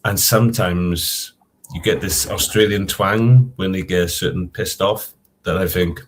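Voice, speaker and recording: Soft-spoken man, low voice. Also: a little slow, slight background noise. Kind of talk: casual chat.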